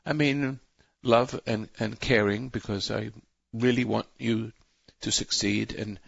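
Radio call-in host, male, low gravelly husky voice, rambling sermon-like monologue on a muffled broadcast. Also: fairly even intonation, a little slow, a bit bright, no room sound. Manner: rambling, self-interrupting, preachy.

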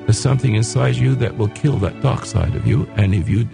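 A man hosting a radio talk show, delivering an emphatic, preachy monologue in a rough voice that he raises as he speaks. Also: mid-range voice, fairly quick, over music. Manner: emphatic, raising his voice, preachy.

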